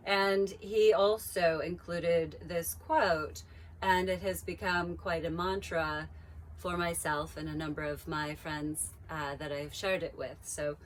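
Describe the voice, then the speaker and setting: A woman yoga teacher calmly leading a guided breathing practice with slow, drawn-out cues. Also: low-pitched, slight background noise.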